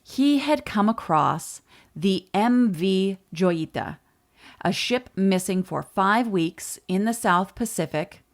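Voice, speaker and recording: A woman co-hosting a podcast, narrating a history story in a casual, lively way with asides. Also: medium pitch, takes it slowly. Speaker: podcast co-host.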